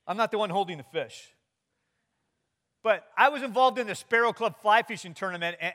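A man's voice: high-pitched, bright, forceful tone. A middle-aged man preaching a sermon, telling stories with quoted dialogue and light humor. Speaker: pastor.

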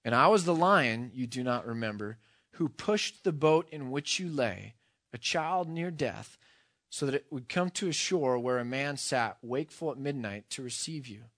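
Man doing a huge solemn lion, slow grave speech, storybook reading. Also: mid-range voice, lively intonation, a bit bright. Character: vast, calm, deep-voiced male lion.

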